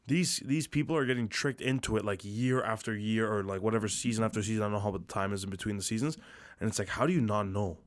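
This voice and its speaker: A young man with a stuffy, nasal voice from a cold, co-hosting a casual podcast and rambling with lots of filler words and restarts. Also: on the low side. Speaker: podcast co-host.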